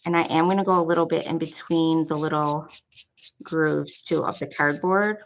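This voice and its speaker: Her voice sits low, with fairly even intonation and a moderate pace, on a low-quality recording. A young Buffalo, New York woman with a Buffalo accent, she's a craft vlogger chatting and rambling through a tutorial, using "like" constantly.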